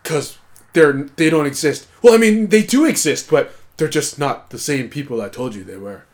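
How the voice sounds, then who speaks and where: Animated, joking podcast co-host. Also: mid-range voice, moderate pace. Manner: joking, mimics voices. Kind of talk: casual chat.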